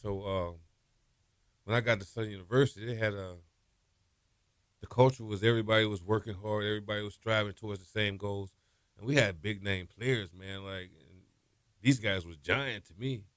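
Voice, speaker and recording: A man, a former quarterback, telling stories in a radio interview, relaxed and trailing off softly. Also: fairly low pitch, normal speed, no room sound, studio quality. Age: 50s. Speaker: former college quarterback guest. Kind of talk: interview storytelling. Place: radio studio.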